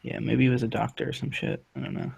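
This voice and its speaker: A man's voice: mid-range voice, flat delivery, fast talker, creaky, a little mellow, slightly rough. A young man chatting casually in an online lobby, making crude jokes and swearing. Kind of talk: casual chat.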